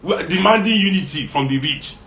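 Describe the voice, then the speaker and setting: A man's voice: high voice, lively intonation, brisk, fairly bright tone. A man with a Nigerian accent giving an impassioned monologue, fiery and laughing often as he slips into pidgin. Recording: roomy echo.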